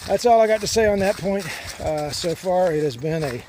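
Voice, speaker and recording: A long-distance hiker vlogger talks in a casual monologue on a mountain trail, and outdoor noise runs behind his voice. His voice is high-pitched and a little mellow, with lively intonation and a moderate pace. He rambles in an easygoing way and drops in many "uh" fillers.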